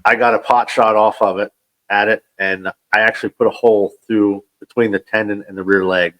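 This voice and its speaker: A man as a podcast guest, telling hunting stories in an animated, relaxed way. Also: fairly low pitch, a little fast, rough recording. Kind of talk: casual storytelling.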